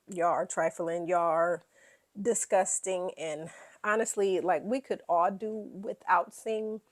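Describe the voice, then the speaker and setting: Woman ranting about a reality show, swears a lot, super animated. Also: medium pitch. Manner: blunt, profane, animated. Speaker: reality TV recap host. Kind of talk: casual opinionated recap.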